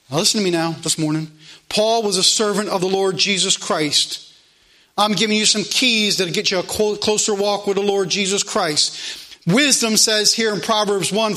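A man's voice: high-pitched, moderate pace, pushed and bright. A man preaching a sermon, reading scripture aloud and pressing questions on his listeners with emphatic delivery.

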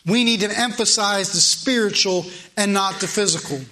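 A man's voice: high voice, moderate pace, pushed and bright, a little hiss or hum. A male preacher delivering a morning sermon, emphatic and repeating phrases for weight.

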